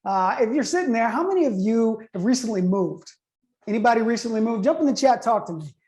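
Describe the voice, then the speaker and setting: A man's voice: extremely high pitch, expressive, brisk, a little mellow. A man in his thirties telling a personal story to an online audience in a conversational way, building suspense with questions to his listeners.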